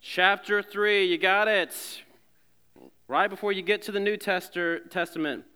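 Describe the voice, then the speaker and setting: A man's voice: sits high, fairly even intonation, unhurried, bright, forceful tone, clear, resonant tone. A man preaching a sermon to a congregation in a conversational way, with joking asides between scripture readings. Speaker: pastor. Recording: long hall reverb.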